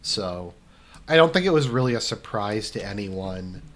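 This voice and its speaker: Low-voiced man chatting while gaming. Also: animated, moderate pace, a bit bright. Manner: rambling, filler-heavy, restarts. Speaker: streamer answering viewer questions. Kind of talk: casual commentary while gaming.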